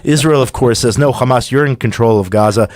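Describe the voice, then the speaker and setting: Male talk-radio host, mid pitch, close dry studio mic, casual and conversational with restarts. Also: brisk, a little mellow, no echo. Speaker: podcast host. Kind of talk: radio talk show hosting.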